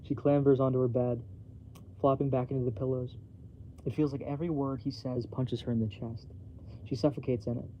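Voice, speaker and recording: Mellow man reading a bedtime story. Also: medium pitch, little pitch movement, a little fast, slight background noise. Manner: plain, self-conscious reading with small slips. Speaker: author reading his own book. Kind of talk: bedtime story read-aloud.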